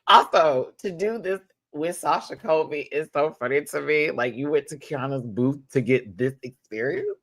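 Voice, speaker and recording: A young man giving casual, expressive commentary as a reviewer of a reality show, often swinging into high exclamations. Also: normal speed.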